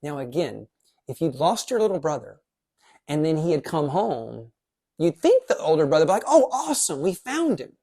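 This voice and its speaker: Pastor, casual devotional teaching, lively, conversational, quick asides, mid-pitched voice. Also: creaky.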